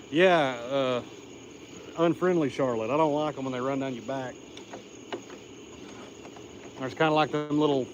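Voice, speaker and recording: A man with a slightly high voice talks casually on a night livestream, coaxing his pet in a soft baby-talk tone between rambling asides. He sounds a little out of breath as he moves about outdoors with a phone. Crickets and insects chirp loudly behind his voice. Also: heavy background noise. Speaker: livestream host caring for animals.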